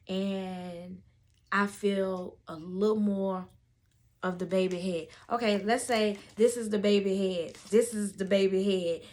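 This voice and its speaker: A woman, a doula telling a story to camera in a lively way and acting out the voices of the people in it. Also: medium pitch.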